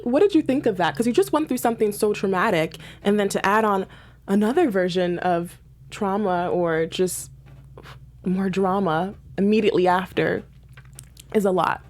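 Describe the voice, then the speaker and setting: A woman hosting a TV recap in casual chat, animated, leading the talk and asking her co-host questions. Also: mid-range voice.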